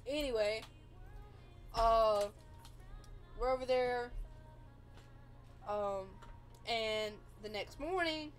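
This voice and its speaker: Rambling woman telling a livestream story. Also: medium pitch. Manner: rambling, many fillers and restarts.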